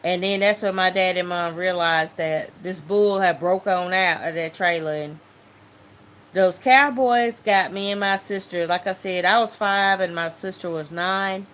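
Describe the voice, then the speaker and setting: A woman telling a personal testimony in an animated way, acting out voices and sounds as she goes. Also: fairly low pitch, unhurried. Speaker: testimony speaker.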